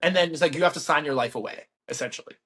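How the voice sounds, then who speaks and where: A man co-hosting a podcast, telling a story in casual chat, animated and laughing as he acts out what people said. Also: on the high side, racing. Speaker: podcast co-host.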